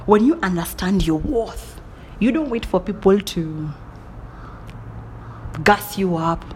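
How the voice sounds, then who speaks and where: A woman giving a dramatic motivational monologue, swinging between whispers and loud bursts and often laughing at herself. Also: medium pitch, expressive, slow pace, a little hiss or hum. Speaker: motivational speaker.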